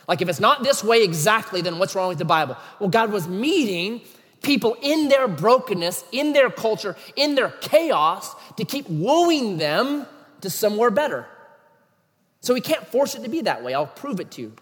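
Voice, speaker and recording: A male preacher with a high, very lively voice that leaps up and down as he drives his points home. He talks emphatically and keeps throwing rhetorical questions at the room. A long reverb from a large hall trails behind every phrase. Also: moderate pace. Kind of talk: sermon.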